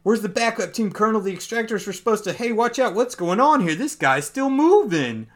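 A man reading out a gruff male soldier from a comic, in clipped, keyed-up military talk, a bit higher than his usual voice. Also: lively intonation, fairly quick. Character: gruff male soldier bragging about a kill.

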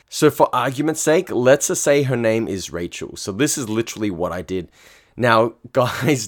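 A young man talks casually on his podcast, chatty and full of slang. His voice sits a little low for a man, and he laughs easily as he explains things. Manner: chatty, laughs often, uses slang and swears. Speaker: podcast host and speed dating organiser. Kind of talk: casual podcast advice monologue.

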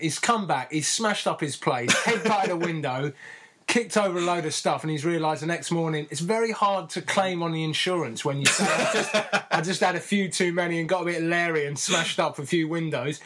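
A man's voice: a little high, noisy background. A man co-hosting a podcast, doubting his co-host's stories with dry, teasing humour. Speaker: podcast co-host. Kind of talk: casual chat.

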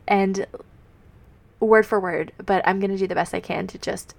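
Soft, gravelly-voiced woman sharing a confession. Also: medium pitch, steady tone, moderate pace. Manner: heartfelt, reading her journal aloud. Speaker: podcast host. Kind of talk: personal faith reflection.

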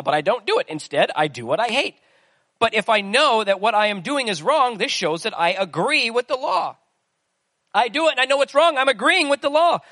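A man's voice: sits high, bright, forceful tone, no echo. A man preaching a sermon in a conversational way, asking the listeners questions as he goes. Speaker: pastor.

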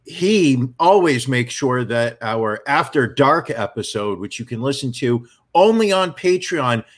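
A middle-aged man co-hosts a casual podcast, chatting and bantering in an expressive, unhurried way. He puts on a booming mock radio-announcer voice.

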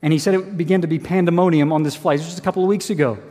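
High-voiced pastor preaching in a hall. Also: male voice, steady tone, rapid-fire, dark tone. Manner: earnest, emphatic, with rhetorical questions. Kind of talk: sermon. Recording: long hall reverb.

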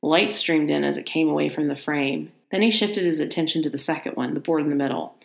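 A woman reading a horror story aloud in steady narration, now and then adding a casual aside of her own. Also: sits low, fairly quick, vocal fry, reverberant.

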